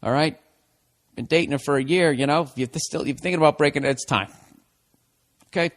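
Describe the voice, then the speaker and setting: A man's voice: fairly high pitch, a little fast. Blunt, profane man ranting. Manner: blunt, swears constantly, riffs. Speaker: podcast host giving advice. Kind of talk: casual profane rant.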